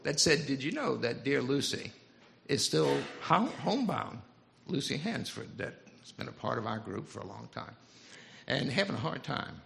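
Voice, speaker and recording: Gravelly older preacher. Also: male voice, mid-range voice, moderate pace, slight background noise. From Louisiana Cajun. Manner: folksy, animated storytelling with humor. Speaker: pastor. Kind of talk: storytelling sermon. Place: church sanctuary.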